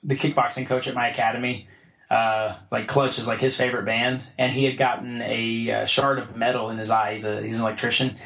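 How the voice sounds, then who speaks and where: A jiu-jitsu black belt from the United States, on a podcast, casually recounts a story and voices other people's lines loudly. His mid-range voice is level, a little fast, creaky and a bit bright. Soft background music plays in the roomy, slightly dull audio.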